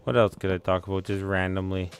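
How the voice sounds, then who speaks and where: A man's voice: low-pitched, little pitch movement, fast talker, a little hiss or hum. A young man, chatting casually on a live stream and rambling through a story in an easygoing way. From Canada.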